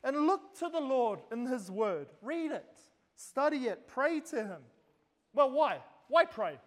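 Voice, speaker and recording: A man's voice: very high-pitched, sing-song, takes it slowly. A man preaching a sermon, speaking straight to the congregation and posing rhetorical questions. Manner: addresses listeners directly with rhetorical questions. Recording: long hall reverb.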